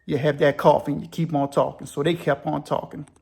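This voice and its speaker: A man's voice: fairly high pitch, flat delivery, brisk, gravelly, darkish tone, husky. A man telling a story in a loose, rambling way. He circles back and repeats phrases as he goes. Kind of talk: casual spoken storytelling.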